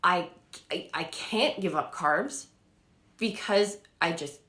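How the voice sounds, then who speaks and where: Woman, 30s, chatty vlogger, slightly low voice, echoey room. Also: slow pace, bright, forceful tone. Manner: chatty, lots of fillers, acts out quotes. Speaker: vlogger and diet coach. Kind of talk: casual storytelling to camera.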